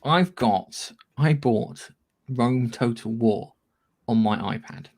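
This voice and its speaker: A man's voice: medium pitch, slow pace, darkish tone. A man co-hosting a casual gaming podcast, rambling and swearing freely, laughing often. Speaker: podcast co-host. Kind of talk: casual chat.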